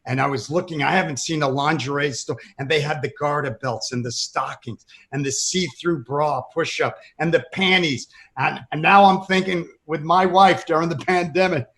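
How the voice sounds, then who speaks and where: An older man hosting a casual comedy chat, telling stories in a rambling, excitable way with many restarts. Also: fairly high pitch, normal speed, gravelly, hardly any pauses. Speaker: podcast host and comedian.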